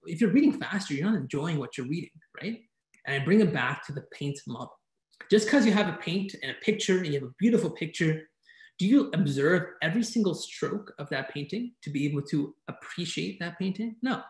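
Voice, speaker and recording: Eager man presenting over a video call, lifted voice, keeps asking "right?" to the audience, roomy echo on the sound. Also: on the high side. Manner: enthusiastic, fast-talking, keeps asking "right?". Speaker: conference speaker teaching speed reading. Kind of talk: energetic online presentation.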